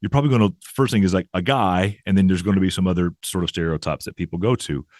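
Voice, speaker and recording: A man from the American South with a low, slightly mellow voice talks fast in a clean studio recording with no room sound. He is a professor appearing as an interview guest, explaining ideas thoughtfully while often restarting sentences and adding "right?" tags.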